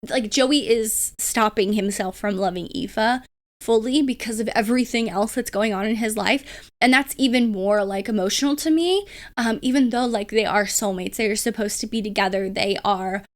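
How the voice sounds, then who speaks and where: Young female vlogger, slightly high voice, gushing casual book talk. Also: moderate pace. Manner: chatty, gushing, filler-heavy with likes and ums. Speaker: booktube host. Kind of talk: casual book review chat.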